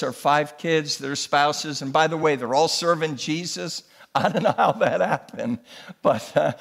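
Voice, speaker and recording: A man in his sixties preaches from a church pulpit with a fairly high voice. He tells his stories in an animated way, his voice climbing and swelling as he exhorts his congregation. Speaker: pastor. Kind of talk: sermon.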